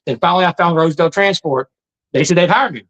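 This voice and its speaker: Fast-talking man, earnest. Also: a little high, fairly bright tone, highs cut off. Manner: earnest, plain-spoken, folksy. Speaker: trucker telling his life story. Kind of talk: casual storytelling monologue.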